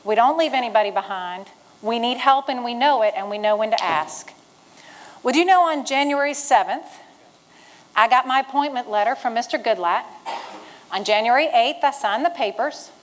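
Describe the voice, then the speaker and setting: A woman in her fifties from Virginia, a retired Marine giving a motivational talk to veterans in an event room, telling her story with lively acted-out dialogue. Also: on the high side, normal speed, poor audio. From Virginia, USA.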